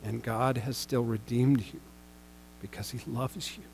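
A man's voice: mid-range voice, fairly even intonation, unhurried, gravelly, darkish tone, a little hiss or hum, low-quality recording. A man in his forties, a pastor, telling a personal story in a sermon in a conversational way, with bursts of raised emphasis.

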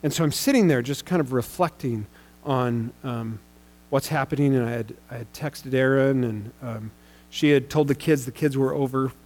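A man's voice: mid-range voice, normal speed, a little mellow, low-quality recording. A man in his forties, a pastor, telling a personal story in a sermon in a conversational way, with bursts of raised emphasis.

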